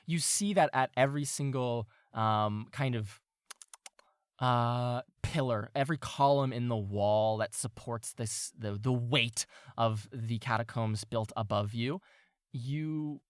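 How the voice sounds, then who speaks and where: A man runs a tabletop game, describing scenes in a meandering way and stopping to hunt for words. His voice sits at a middle pitch. The recording is dry and close, with no room sound. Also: slow pace, clean tone, no room sound. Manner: meandering, searching for words with fillers. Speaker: game master.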